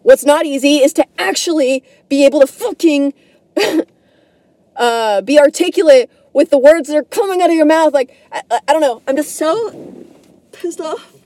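On her solo podcast, a young woman rambles casually, swears freely and stumbles over her words while poking fun at herself. She speaks at a moderate pace in a high, mellow voice.

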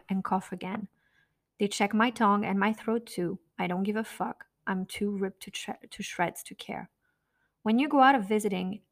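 A woman narrating her own memoir in a blunt, raw, profane way. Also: medium pitch.

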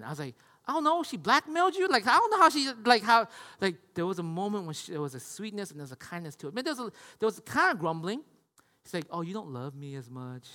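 A man with a fairly high voice preaches in a church hall with a long reverb hanging on every phrase. He talks emphatically, drops from loud to hushed and back, and keeps asking his listeners rhetorical questions. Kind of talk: sermon.

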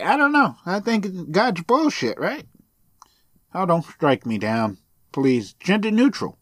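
Brief: male podcast host, sarcastic and profane, lively pitch swings, dry close sound. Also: dry recording. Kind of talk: sarcastic solo podcast rant.

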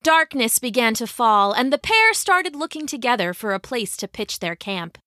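A woman storyteller reading a scripted children's story aloud in an even, unhurried way. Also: fairly high pitch, no room sound, studio quality. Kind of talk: scripted narration.

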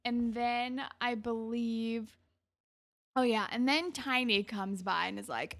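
Chatty young woman with a higher voice. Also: slow pace, vocal fry, a bit bright. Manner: chatty, retells scenes with quoted dialogue. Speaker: podcast co-host. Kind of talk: casual recap chat.

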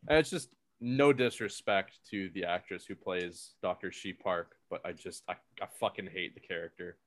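A man's voice: sits low, normal speed, fairly bright tone. A young man co-hosting a podcast in casual chat, blunt and opinionated, swearing freely. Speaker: podcast co-host.

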